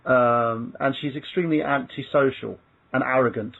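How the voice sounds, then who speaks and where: Male podcast host, husky and gravelly, heard over a phone-like line. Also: mid-range voice, steady tone, moderate pace. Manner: chatty, browses a wiki while talking. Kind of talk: casual group chat. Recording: phone-like call audio.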